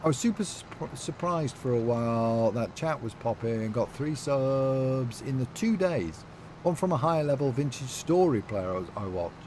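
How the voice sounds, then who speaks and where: A man's voice: medium pitch, expressive, normal speed, darkish tone. A man with a chatty manner, casually talking to his live-stream chat while playing, with faint noise behind him. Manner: chatty, reads out and answers chat.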